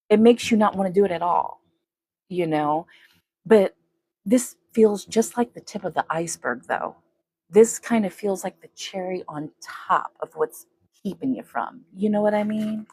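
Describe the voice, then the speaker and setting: A woman's voice: lowish voice, a little mellow, breathy edge. A woman giving a casual tarot reading to her viewers, chatty and talking to spirit, humming as she works. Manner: chatty, talks to spirit and viewers, hums while shuffling. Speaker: tarot reader.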